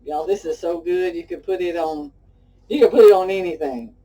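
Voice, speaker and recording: A folksy, talkative cooking show host from Pasadena, Texas, speaks with a Texan Southern accent, calling viewers "y'all" during a casual demonstration full of chatty stories. Her mellow voice is fairly low, at normal speed, and sounds distant.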